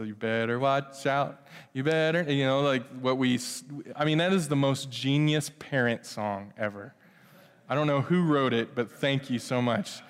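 Man preaching in a reverberant church hall. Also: medium pitch. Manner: conversational, swings from loud emphasis to hushed. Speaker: pastor. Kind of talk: sermon. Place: church sanctuary.

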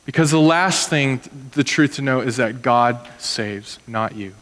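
A man's voice: mid-range voice, unhurried, fairly bright tone, in a large hall. A man pastor preaching a sermon in an earnest, conversational way, acting out the people in his stories.

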